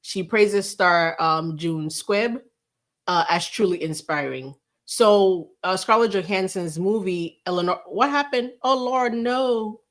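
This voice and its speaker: A woman livestreamer does casual commentary on celebrity gossip. She reads the article aloud in a mocking tone, sarcastic and incredulous, and breaks into laughter often. Her pitch sits mid-range. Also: slow pace. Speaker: livestream host. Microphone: live stream camera setup.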